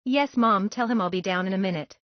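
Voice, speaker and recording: A woman's voice: mid-range voice, fairly quick, dry recording, close to an everyday voice. Woman doing a teenage ninja girl, lovesick, whiny, storybook reading, slightly muffled sound. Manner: whiny teen sulk.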